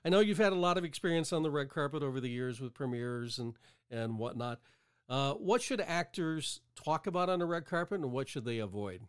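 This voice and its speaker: A man's voice: on the high side, lively intonation, brisk, clear, resonant tone. A man hosting an interview and coaching talent, asking leading questions and encouraging his guest. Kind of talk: casual interview chat.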